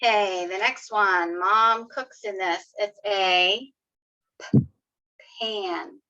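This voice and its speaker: A woman teaching young children letter sounds in an online lesson, slow and encouraging, sounding out each letter. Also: medium pitch, steady tone, sharp tone. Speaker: kindergarten teacher. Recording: slightly dull lo-fi video audio.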